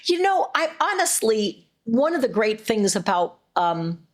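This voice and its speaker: A middle-aged woman voice actress chatting as an interview guest, warm and rambling with frequent restarts. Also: a little high, big pitch swings, measured pace. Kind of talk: casual interview chat.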